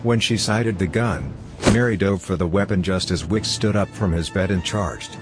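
A man narrating a story in a steady, measured scripted reading. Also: deep voice, soft background music. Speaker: audiobook narrator.

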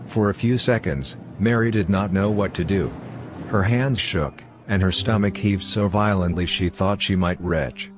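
Deep man, audiobook narration, steady and measured, soft music underneath. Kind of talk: scripted narration.

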